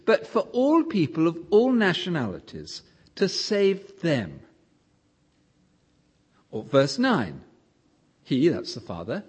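A man's voice: fairly high pitch, breathy edge. A man preaching a sermon in an emphatic way, his voice rising and falling to stress points.

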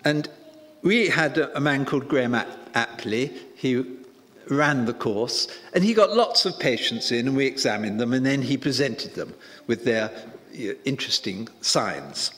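Male preacher, emphatic and unhurried, pitch rising and falling widely, voice ringing in a reverberant hall. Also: lively intonation, fairly bright tone. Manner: emphatic and deliberate, with rising stresses. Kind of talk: sermon.

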